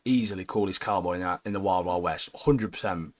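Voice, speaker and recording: A man's voice: deep voice, brisk. A young man co-hosting a casual gaming podcast, bluntly giving his opinions and saying "mate" constantly. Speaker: podcast co-host.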